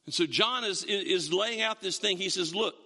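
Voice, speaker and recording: A man's voice: sits high, moderate pace, bright, forceful tone, big-room sound. A man preaching a sermon in a conversational, joking way, with emphatic bursts when he drives a point home. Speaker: pastor. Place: church sanctuary.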